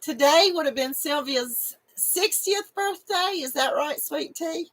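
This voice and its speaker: A woman's voice: high voice, expressive, measured pace, a bit bright, low-quality recording. A middle-aged woman, hosting a casual live stream and chatting with viewers, giggly and emotional and laughing often. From North Carolina, USA.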